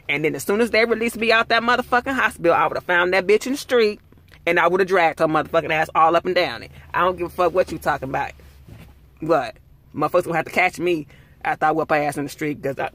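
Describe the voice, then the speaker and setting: A man's voice: fairly high pitch, fairly bright tone, dry recording. A young man ranting through a casual TV episode review, heated and full of profanity. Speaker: TV show reviewer.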